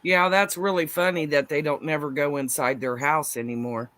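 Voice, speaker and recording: A woman's voice: low voice, fairly even intonation, normal speed, a bit bright, no echo. A woman chatting casually as co-host, agreeing and gossiping. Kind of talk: casual chat.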